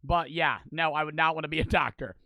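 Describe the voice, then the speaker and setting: A man giving frantic gameplay commentary, swearing, talking to himself and breaking into sudden loud outbursts. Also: fairly high pitch, fairly even intonation, brisk, soft background music. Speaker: gaming streamer.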